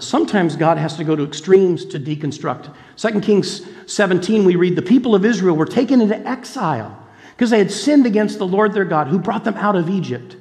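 Male pastor, earnest animated preaching, slightly high voice, reverberant hall sound. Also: vocal fry. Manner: earnest, animated storytelling with repeated words and quoted voices. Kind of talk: sermon.

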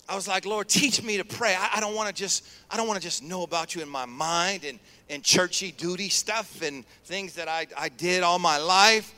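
A male pastor giving an energetic sermon and trading call-and-response with the congregation in a church sanctuary. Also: high-pitched. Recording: long hall reverb.

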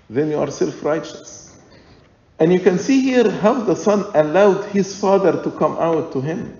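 A man preaching a sermon in slow, deliberate, emphatic points. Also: sits high, animated, mellow. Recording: echoey church hall, dull lo-fi sound.

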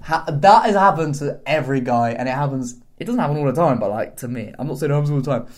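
A man chatting casually on a podcast, telling rambling stories with quick asides. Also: mid-range voice, animated. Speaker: podcast co-host.

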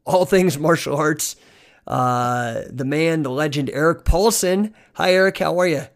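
A man's voice: fairly high pitch, a little slow, gravelly. A man hosting a casual podcast interview, talking hesitantly with many fillers and turning upbeat when he introduces segments. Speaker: podcast host.

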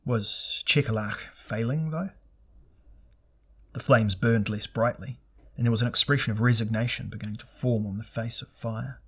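A man narrating a fantasy audiobook in a steady, measured, dramatic reading. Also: medium pitch, breathy edge.

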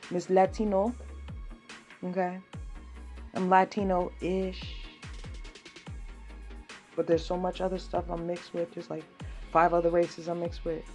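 Brash young woman hosting a podcast. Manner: brash, loud and swearing, with sudden high-pitched outbursts. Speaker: podcast host. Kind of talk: casual solo podcast rant.

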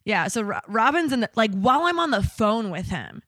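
A woman's voice: on the high side, big pitch swings, fairly quick, fairly bright tone, no room sound, studio quality. A woman co-hosting a casual chat, telling bawdy stories frankly and laughing often. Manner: candid, bawdy storytelling with frequent laughter. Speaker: podcast co-host.

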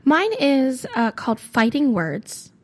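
A woman co-hosting a podcast in casual chat, chatty and quick to laugh, sometimes acting out little voices. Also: sits high, very animated, husky. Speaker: podcast co-host.

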